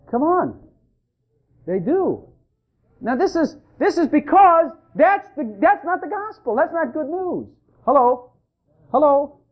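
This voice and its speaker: A fervent preacher pushes a church sermon forward with emphasis, repeating phrases and calling out to the congregation. His pitch swings up and down in a lively way, heard through a narrow, tinny, phone-line-like recording.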